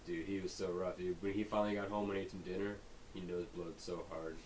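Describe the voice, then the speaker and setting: A man's voice: deep voice, little pitch movement, a little fast. A man co-hosting a podcast, joking around in casual chat and acting out little scenes in muttered voices. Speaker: podcast co-host. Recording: distant mic with faint hiss.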